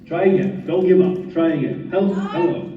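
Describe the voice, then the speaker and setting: A man's voice: high-pitched, moderate pace. A man hosting a children's program, encouraging the kids and asking them lots of questions. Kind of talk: leading a children's group lesson. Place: large room with children. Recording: echoey room, distant mic, dull, children around.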